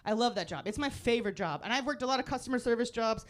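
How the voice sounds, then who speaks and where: A young woman performing a live stand-up set, animated and giggly, jumping to squeaky high voices when she acts out the kids. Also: fast talker. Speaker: stand-up comedian. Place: comedy club stage.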